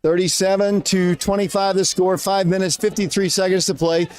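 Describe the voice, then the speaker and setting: Male radio play-by-play caller, high voice, winded, excitable on big plays. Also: moderate pace. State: out of breath. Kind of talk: live basketball play-by-play.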